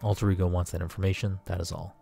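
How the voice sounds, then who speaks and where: Man reading a cool, measured young female detective, low voice, faint game music. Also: flat delivery, creaky, dark tone.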